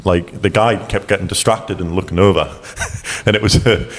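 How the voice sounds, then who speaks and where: A man's voice: sits low, moderate pace. A man chatting on a podcast as a guest, cursing freely and laughing while he tells stories. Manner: swears a lot, laughs while telling stories. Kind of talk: casual chat. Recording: long hall reverb.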